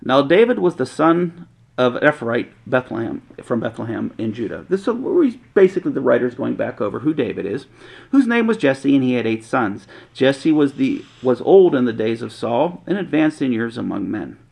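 Gravelly man teaching from scripture. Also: mid-range voice, very animated, moderate pace, darkish tone. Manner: reads scripture then explains it in plain modern talk with jokes. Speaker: pastor. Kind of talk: casual Bible teaching.

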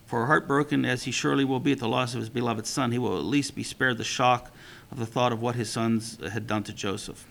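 A man reading aloud as an earnest young brother pleading with his siblings, voiced in his own gravelly tone. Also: medium pitch, steady tone, a little fast, a bit bright. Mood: solemn.

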